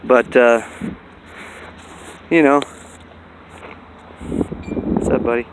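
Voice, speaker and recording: Man, casual vlog, folksy and rambling, middle-pitched voice, faint traffic behind. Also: steady tone, drawn-out words, poor audio. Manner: rambling, folksy, many fillers. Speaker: dog breeder vlogger. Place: outdoors by a busy road.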